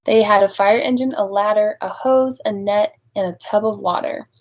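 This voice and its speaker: A woman reading a picture book aloud to young children, expressive and adding chatty asides to her listeners. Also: medium pitch, normal speed, rough recording. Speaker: storybook reader at a speech clinic.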